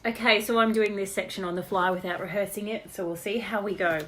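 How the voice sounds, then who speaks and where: A woman's voice: medium pitch, steady tone, fast talker, fairly bright tone, a little hiss or hum. An Australian woman casually reminiscing in an unrehearsed birthday message, chatty and laughing between stories. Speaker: daughter giving a birthday message.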